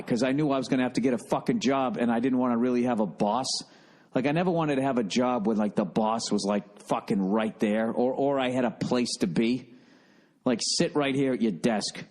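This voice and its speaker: A man in his forties rambling through a solo podcast monologue. He swears constantly, mocks himself, and drifts off on tangents in a loose, animated way. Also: medium pitch. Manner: profane, self-deprecating, animated. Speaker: podcast host.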